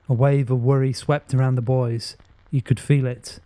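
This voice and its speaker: A man's voice: mid-range voice, little pitch movement, normal speed, warm tone, no room sound. Man narrating a horror audiobook. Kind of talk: first-person horror narration.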